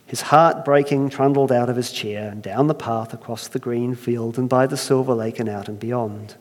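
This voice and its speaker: A man's voice: mid-range voice, steady tone, a little mellow. Male pastor telling a story in a hall. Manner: self-deprecating, conversational, slow storytelling. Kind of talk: sermon with storytelling.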